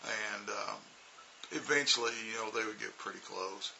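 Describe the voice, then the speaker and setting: A man's voice: fairly low pitch, normal speed, creaky, pushed and bright, highs cut off, slight background noise. A man, an English teacher, telling a casual, rambling story full of "you know" and "uh". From United States.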